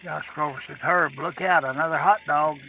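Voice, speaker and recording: A man's voice: a little high, steady tone, moderate pace, creaky, sharp tone, slight background noise, low-quality recording. A man co-hosting a live stream, wisecracking and reading out chat comments.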